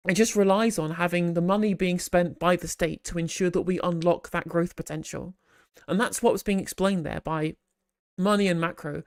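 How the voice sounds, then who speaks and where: A live stream host in casual commentary, rambling and animated, with frequent restarts and sarcastic asides, on a close microphone. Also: mid-range voice, moderate pace, no room sound.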